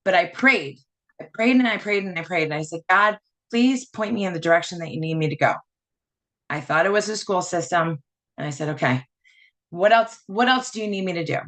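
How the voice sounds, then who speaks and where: A woman's voice: on the low side, lively intonation, brisk, a bit bright. A woman in her thirties giving a personal testimonial as a network marketing presenter, rambling through her story with lots of "like" and "you know".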